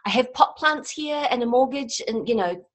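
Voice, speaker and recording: A woman's voice: on the high side, expressive, normal speed. Chatty New Zealand woman, self-deprecating. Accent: New Zealand, softened by years in England. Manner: chatty and self-deprecating, rambling with many fillers. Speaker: guest comedy writer. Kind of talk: casual podcast interview.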